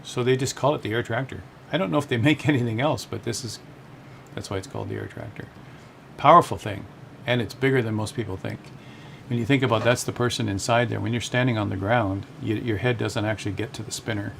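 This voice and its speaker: A man's voice: medium pitch, fast, vocal fry, fairly bright tone, a little hiss or hum. A man hosting a group flight-sim stream, chatting casually, laughing often and explaining things at length. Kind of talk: casual gaming chat.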